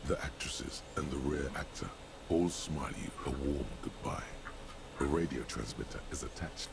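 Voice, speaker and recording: An actor playing a brooding, grave narrator voice in a video game, speaking in a slow, gravelly way. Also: male voice, a bass voice. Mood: solemn. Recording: game audio with clear background noise.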